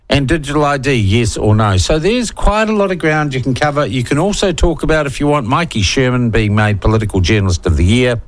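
A man with a New Zealand accent hosting talkback radio, bluntly chatting and reading out listener texts. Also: mid-range voice. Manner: blunt, irreverent, reads listener texts aloud. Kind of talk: opinionated talkback radio chat.

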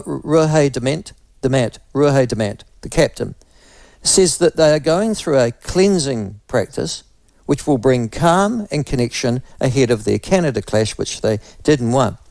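A New man hosts talk radio in a sardonic, rambling monologue, pausing on ums and uhs as he drifts between asides. His voice sits at a middling pitch. The sound is dry and close, with no room behind it. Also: gravelly, a little mellow, no echo. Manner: sardonic, rambling, many fillers.

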